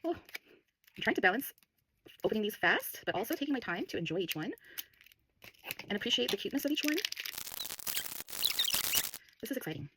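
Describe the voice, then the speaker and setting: A woman's voice: on the high side, big pitch swings, a little fast, pauses often, background noise. A woman talking casually while unboxing stationery, bubbly and gushing, often laughing. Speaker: stationery vlogger.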